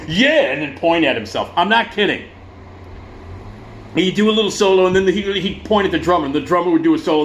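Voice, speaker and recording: A man giving a casual vlog rant, profane and sarcastic, in an animated ranting manner. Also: on the high side, slight background noise. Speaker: vlogger.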